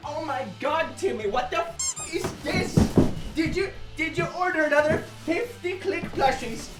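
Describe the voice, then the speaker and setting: A woman voicing a frantic woman who yells at someone named Timmy in exasperation, with a shrill, scolding manner. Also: expressive, a little slow. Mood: exasperated. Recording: echoey, distant, loud music behind.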